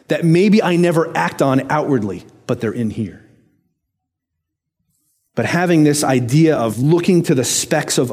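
A man preaching a sermon in a conversational way, asking rhetorical questions and dropping to a quiet, low voice on key phrases. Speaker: pastor.

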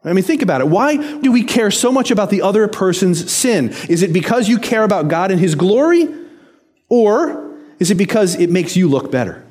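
Guy preaching, kinda high voice, chatty, lots of "right?" questions, gets soft and low on the big points. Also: sing-song, moderate pace. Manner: conversational preaching with rhetorical questions; drops to quiet, low emphasis on key phrases. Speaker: pastor. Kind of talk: sermon.

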